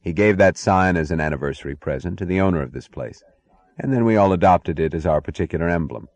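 A man reading aloud, voicing a calm, self-assured man who answers in a measured, quietly confident way. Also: low-pitched, dry recording. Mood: matter-of-fact.

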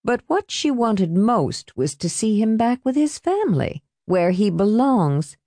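A woman's voice: mid-range voice, big pitch swings, measured pace, warm tone, no echo, pitched above the performer's own voice. A woman voicing a prim, tightly wound middle-aged woman who is defensive and scolding, in an audiobook reading. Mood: pleading.

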